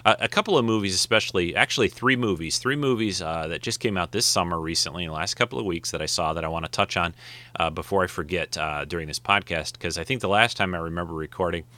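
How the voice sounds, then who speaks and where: A man's voice: low voice, fast, sharp tone. A man hosting his podcast alone, chatting casually in a rambling way with friendly asides. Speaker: podcast host. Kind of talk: casual solo podcast talk.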